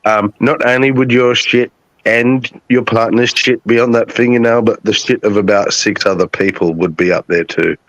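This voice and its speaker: A man's voice: mid-range voice, fairly even intonation, moderate pace, fairly bright tone, no echo, rough recording. A man chiming in with mock-serious remarks in a casual group chat. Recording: crowd noise behind.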